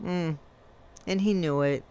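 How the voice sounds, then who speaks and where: The voice is medium in pitch, slow, slightly mellow, clear and resonant. It belongs to a commentary creator furiously accusing someone to his face, heated throughout, spelling out each swear word letter by letter.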